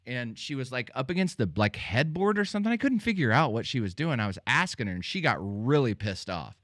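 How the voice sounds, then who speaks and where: A man's voice: mid-range voice, big pitch swings, a little fast, a bit bright, no echo, studio quality. A man hosting a podcast, telling casual rambling anecdotes full of fillers and restarts. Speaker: podcast host. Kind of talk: casual chat, storytelling.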